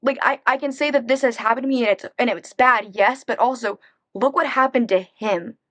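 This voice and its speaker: A nineteen-year-old woman, a podcast guest, telling a personal story frankly in quick bursts full of fillers and restarts. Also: fairly high pitch, fairly bright tone, no echo.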